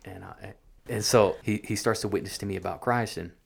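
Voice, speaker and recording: A man with a low, gravelly voice tells a personal story in an easy, conversational way. He stumbles and repeats his words as he goes, and he acts out the lines of the people in his story. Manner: halting, repeats words, acts out quoted speech. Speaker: guest sharing his testimony.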